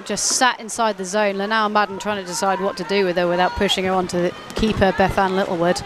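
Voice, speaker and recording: A woman giving quick live play-by-play commentary on a match, rising to shouts at the big moments. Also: mid-range voice, flat delivery. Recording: loud crowd and outdoor noise behind.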